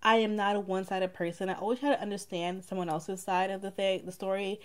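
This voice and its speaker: A young woman with a mixed Saint Lucian and Bronx accent chats casually with her viewers in a rambling get-to-know-me vlog. She talks fast in a mid-range voice with fairly even intonation, filling her speech with lots of "like."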